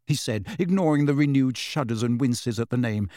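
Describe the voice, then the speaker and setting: A man's voice: mid-range voice, normal speed, hardly any pauses, mellow, dry recording, clean studio sound. A man narrating an audiobook expressively.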